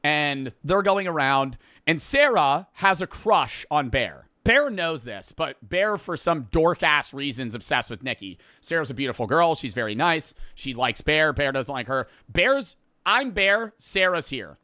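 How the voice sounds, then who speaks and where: Man, casual rambling movie recap, profane storyteller; forceful, crisp, fairly high voice. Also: animated, unhurried, hardly any pauses, no echo, clean studio sound. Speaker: podcast host.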